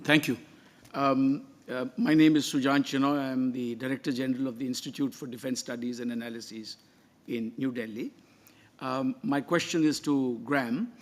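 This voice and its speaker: Guy asking a panel question, lots of uhs, measured. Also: mid-range voice, steady tone. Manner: measured, many hesitant uhs. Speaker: think-tank director asking a question. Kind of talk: formal question from the floor.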